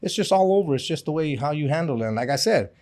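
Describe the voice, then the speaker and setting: Blunt middle-aged man, slightly high voice. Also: lively intonation, fast talker, darkish tone. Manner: blunt, emphatic, laughs often. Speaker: podcast co-host. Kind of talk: casual chat.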